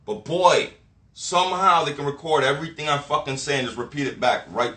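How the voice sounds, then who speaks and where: A man delivers a loose, swearing monologue straight to his viewers, full of slang. He acts out other people with mocking laughs and nonsense sounds, in a sharp, forceful voice pitched a little high. The room around him rings with echo. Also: a little fast. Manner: animated, profane, slangy, mimics others with laughs and sound effects. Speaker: spiritual talk host.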